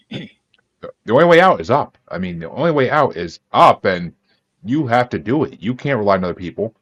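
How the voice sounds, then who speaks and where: A man hosting a podcast, chatting casually and earnestly with his guest. His voice sits on the lower side and speeds up when he drives a point home. The sound is muffled and lo-fi. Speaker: podcast host. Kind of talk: casual interview chat. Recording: dull lo-fi sound.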